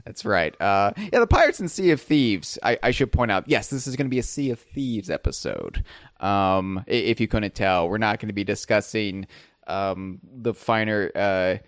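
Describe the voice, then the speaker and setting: A man's voice: on the low side, very animated, moderate pace, no echo, studio quality. A man hosting a casual podcast, joking and rambling with plenty of fillers. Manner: jokey, rambling, filler-heavy. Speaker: podcast host.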